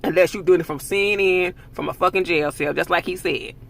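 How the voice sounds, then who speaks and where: Brief: heated man vlogger, raspy and gravelly, slightly high voice, cursing rant. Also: steady tone, brisk, fairly bright tone, soft background music. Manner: angry, profane, emphatic ranting. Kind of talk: heated commentary monologue.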